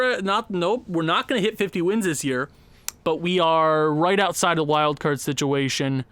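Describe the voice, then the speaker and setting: A young man commenting on his own gameplay, sighing and exasperated, his voice jumping high when frustrated. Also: normal speed, fairly bright tone, no echo. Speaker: gaming YouTuber.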